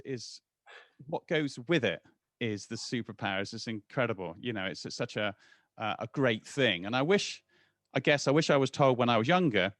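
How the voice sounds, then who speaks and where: A man's voice: medium pitch, dry recording. A man in his forties, a guest talking in a casual interview with lots of restarts. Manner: animated, restarts often.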